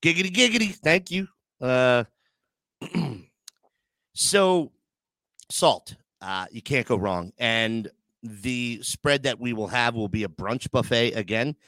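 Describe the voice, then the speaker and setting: A man's voice: mid-range voice, animated, slow, pauses often, a bit bright, no echo. A man hosting a casual live chat show, joking crudely and getting sentimental with his audience. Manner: joking, crude banter, emotional asides. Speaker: podcast host.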